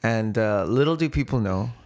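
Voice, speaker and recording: A woman's voice: a bass voice, animated, moderate pace, a little mellow. A young woman co-hosting a podcast, bantering casually and swearing as she exaggerates jokes. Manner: jokey, profane, exaggerating for laughs. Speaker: podcast co-host.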